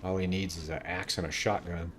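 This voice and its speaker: A male streamer with a low voice chats and jokes through gameplay in a relaxed, playful way. Faint ambient noise sits behind him. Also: a little fast. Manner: chatty, playful, joking. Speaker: game streamer. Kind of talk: casual gameplay commentary.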